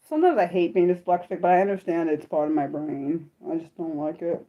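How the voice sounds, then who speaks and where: A young adult woman chatting casually on her livestream, apologetic and self-deprecating, swearing a lot and swinging from high laughing squeals to low mutters. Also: moderate pace, darkish tone, highs cut off. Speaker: livestream host. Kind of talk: unscripted livestream chat with viewers.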